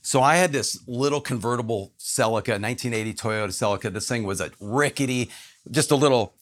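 A man's voice: medium pitch, a little fast. A man telling a personal story as a podcast guest, earnest and emphatic.

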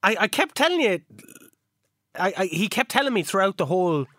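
A man co-hosting a casual podcast, recapping a game season with jokes and lively storytelling. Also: sits high, brisk, no room sound, clean studio sound. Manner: jokey, animated recapping of game moments. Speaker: podcast co-host. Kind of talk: casual chat.

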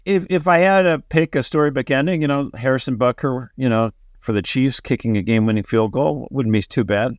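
A man co-hosting a podcast, chatty and quick with a joke, often stumbling over repeated words. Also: mid-range voice, no echo, clean studio sound. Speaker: podcast co-host. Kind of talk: casual podcast chat.

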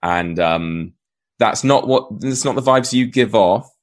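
A man's voice: lowish voice, a little slow. A man with a Southern English accent, a trained actor, chatting animatedly as a podcast guest. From Southern England. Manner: chatty, animated, laughs often. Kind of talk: casual conversation.

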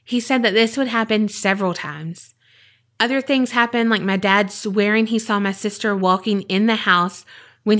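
A woman's voice: medium pitch, fairly bright tone. Southern lady podcast host reading a listener email, chatty, swears a lot, says like constantly. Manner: chatty, lots of fillers and swearing. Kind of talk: reading a listener email, then casual chat.

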